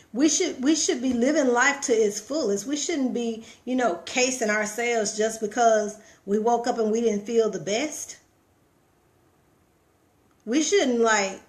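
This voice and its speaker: A woman's voice: a little high, a bit bright. A middle-aged woman from Texas with a Texan accent, giving a motivational live-stream monologue in a preachy, repetitive way with many rhetorical questions. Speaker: vlogger.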